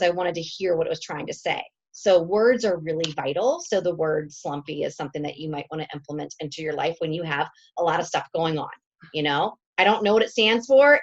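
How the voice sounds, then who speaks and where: A woman's voice: mid-range voice, dull audio. Chatty woman in her forties. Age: 40s. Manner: chatty, emotional, laughs often, says y'all. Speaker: team coach. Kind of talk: motivational team talk.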